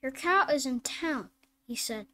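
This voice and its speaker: A woman reading phonics drills and simple sentences aloud, slow and deliberate, word by word. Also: sits high, animated, sharp tone. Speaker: phonics teacher.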